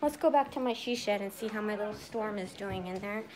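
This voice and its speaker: A middle-aged woman chatting excitedly and frankly on a live phone stream from her home shed. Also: medium pitch, brisk, noisy background. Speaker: purse vlogger. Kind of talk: casual live-stream chat. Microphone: phone camera.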